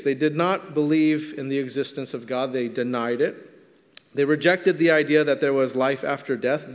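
A man preaching a sermon as pastor, teaching in a conversational way and stretching words for emphasis. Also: a little high. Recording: long hall reverb.

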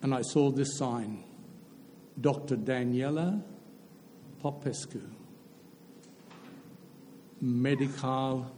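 A man's voice: medium pitch, extremely slow, long pauses, warm tone, a little hiss or hum. An older man telling a personal testimony as a preacher, earnest and storytelling, often repeating phrases for emphasis. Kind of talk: testimony sermon. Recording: hall reverb.

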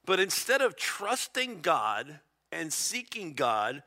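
A middle-aged male pastor teaches a sermon through the verses, his voice bright and edged. He talks in a lively, conversational way, swinging his pitch widely and acting out little exchanges with a chuckle. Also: takes it slowly. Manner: conversational, chuckles often, acts out little dialogues.

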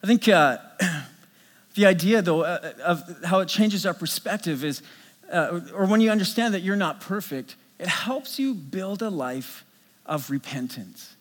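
A middle-aged man preaching a sermon as a pastor, telling stories in an animated way with many restarts. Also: sits high, unhurried, long reverb tail.

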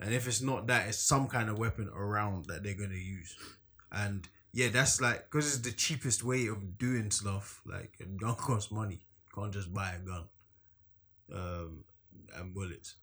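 A man's voice: on the low side, measured pace, a bit bright, slightly rough. A man talking casually on a podcast, rambling through his points with lots of fillers. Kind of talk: casual chat.

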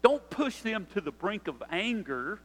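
A pastor preaching a sermon, talking earnestly and conversationally and putting direct questions to the congregation. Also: male voice, high-pitched, sing-song, unhurried, in a large hall, rough recording.

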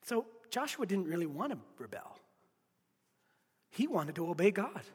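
A man preaching a sermon as pastor, impassioned, swinging between hushed near-whispers and loud urgent appeals. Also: high voice, big pitch swings, moderate pace, slightly rough, big-room sound.

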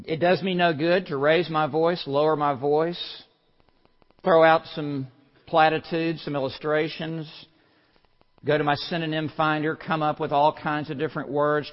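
A male pastor preaching a sermon, swinging from low, hushed passages to loud, forceful exclamations and leaning slowly on single words. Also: fairly even intonation. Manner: slow, deliberate emphasis on single words. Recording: muffled sermon recording in a large reverberant hall.

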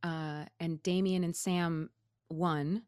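A woman's voice: on the low side, steady tone, slow pace, darkish tone, no echo, clean studio sound. A woman guest in a casual chat, talkative and often laughing. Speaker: guest, former reality show contestant.

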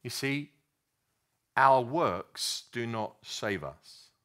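A man's voice: mid-range voice, animated, extremely slow, a bit bright. A man preaching a sermon, telling stories earnestly with frequent restarts and fillers.

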